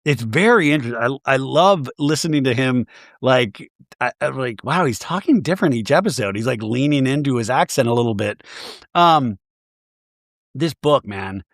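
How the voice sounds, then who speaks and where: A man hosting a podcast, recapping reality TV in an animated, sarcastic way, swearing and acting out the cast's lines. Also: medium pitch, normal speed, dry recording, clean studio sound. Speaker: podcast host.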